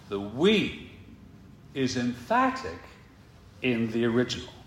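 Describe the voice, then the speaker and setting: Man preaching slow and emphatic, lots of up and down in his voice, asks rhetorical questions. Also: a little high, big pitch swings, roomy sound. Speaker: pastor. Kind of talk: sermon.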